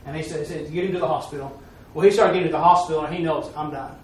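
Preacher in an echoey hall. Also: male voice, a little high, fairly even intonation, racing. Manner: folksy, repetitive storytelling, rising to emphatic peaks. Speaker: preacher giving a mission report. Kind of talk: sermon storytelling. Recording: echoey hall, far-off mic, faint noise.

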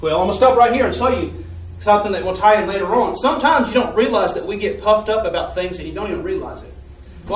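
A man's voice: sits high, echoey room, far from the mic, low-quality recording. A man giving a personal faith testimony in a church, telling his story earnestly and ramblingly, often repeating words as he goes.

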